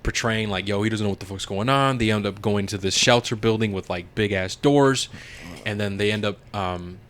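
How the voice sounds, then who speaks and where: A young man co-hosting a podcast, casually recapping a TV episode, acting out characters in quick silly voices and swearing freely. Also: lowish voice, clear, resonant tone. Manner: animated, acts out characters in silly voices, profane. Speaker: podcast co-host.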